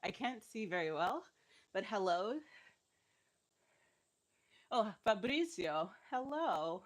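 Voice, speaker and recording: A woman's voice: medium pitch, animated, slow pace. A woman leading a live-streamed workout as fitness instructor, encouraging and laughing often while she is cramping and feeling unwell.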